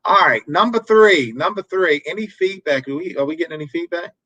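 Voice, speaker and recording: A man hosting a marriage advice show, talking in a preacherly way, repeating words and breaking into animated asides. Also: a little high, a little fast, no echo, muffled recording. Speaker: marriage talk show host.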